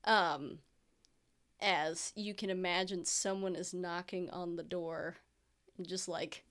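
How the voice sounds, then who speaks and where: A woman's voice: on the low side, fairly even intonation, takes it slowly, fairly bright tone. A woman narrating a tabletop game as game master, in a loose, casual way with lots of fillers.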